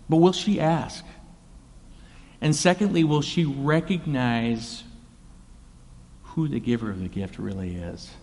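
A man preaching in a loose, chatty way, paraphrasing the passage in plain modern speech. His voice sits at an ordinary middle pitch. The room leaves a long reverb trailing after each phrase. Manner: conversational, paraphrases scripture in casual voices. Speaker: pastor. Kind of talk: sermon.

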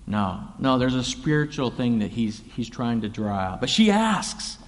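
A man preaching in a loose, chatty way, paraphrasing the passage in plain modern speech. His voice sits at an ordinary middle pitch. The room leaves a long reverb trailing after each phrase. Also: sing-song, a little slow, few pauses. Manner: conversational, paraphrases scripture in casual voices. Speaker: pastor. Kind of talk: sermon.

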